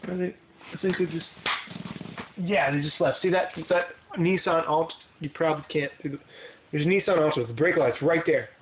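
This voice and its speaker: A teenage boy rambling goofily from a parked car at night, jumping from thought to thought and poking fun at himself. His voice sits a little high and comes through thin and phone-like. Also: normal speed, slight background noise. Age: teens. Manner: goofy, self-mocking and scattered. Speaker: vlogger. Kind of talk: rambling casual vlog. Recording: tinny phone-like sound.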